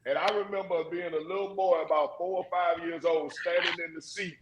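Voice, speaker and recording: A man's voice: high voice, flat delivery, brisk, echoey room, heavy background noise. A man hosting a casual sports chat, telling an old stadium memory with easy chuckles. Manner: nostalgic, chuckling storyteller. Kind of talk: casual storytelling.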